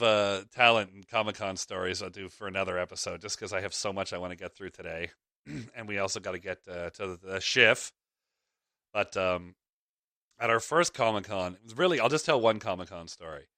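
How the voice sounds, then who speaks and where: Chatty man with a bright, dry voice. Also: lowish voice, no echo. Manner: rambling, chatty, many fillers and restarts. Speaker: podcast host. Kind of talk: casual storytelling.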